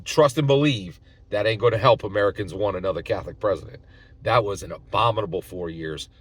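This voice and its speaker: A man's voice: mid-range voice, fairly bright tone, no room sound. A man hosting his own channel, giving casual opinion commentary in a folksy, opinionated way and tagging his points with "right?". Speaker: channel host.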